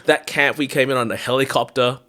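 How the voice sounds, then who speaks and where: Bright-voiced man telling stories. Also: mid-range voice, brisk. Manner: animated storyteller, laughs often; acts out others' lines in quotes. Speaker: guest preacher. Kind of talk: casual podcast chat.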